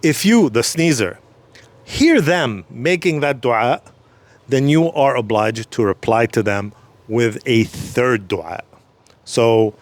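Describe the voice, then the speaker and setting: A calm, patient man with a mid-range voice gives a short religious lesson. He says each phrase, then repeats it more slowly so the listener can keep up.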